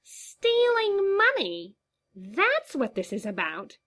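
A woman voicing a maniacal male killer clown who taunts in a sing-song, drawn-out way, reading an audiobook story. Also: very high-pitched, wildly swooping pitch, a bit bright, pitched above the performer's own voice, exaggerated voice. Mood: gleeful.

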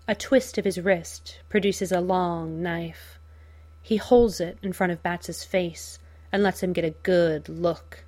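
Slow, low-voiced woman reading a story. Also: fairly even intonation, a little mellow. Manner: measured, unhurried storytelling. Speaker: narrator. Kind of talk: audiobook reading of fan fiction.

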